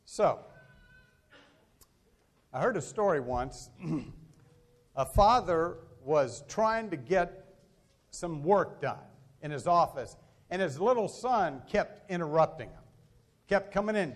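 A man's voice: on the high side, animated, takes it slowly, long pauses. A man preaching a sermon, telling stories with animation and acting out the voices of the people in them. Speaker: pastor.

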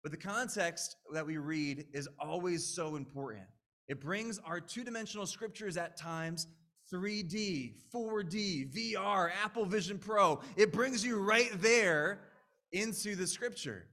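Man, pastor, casual earnest sermon, fairly high voice, bright and forceful tone. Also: unhurried. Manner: conversational, earnest, with restarts.

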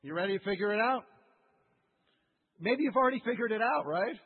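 A man with a high, husky voice preaches a sermon and keeps firing questions at his listeners in a lively, conversational way. His voice rings through a large hall with a long echo, and the sound is thin and tinny, like a phone line. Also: a little fast. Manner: animated, conversational, asks the audience questions. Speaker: pastor.

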